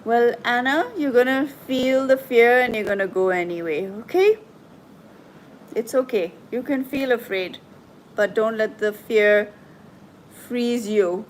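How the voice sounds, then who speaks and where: A woman hosting a live tarot and coaching stream, talking gently and reassuringly to her viewers as she reads their comments. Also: fairly high pitch, slight background noise, rough recording. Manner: soothing, reassuring, slow and gentle.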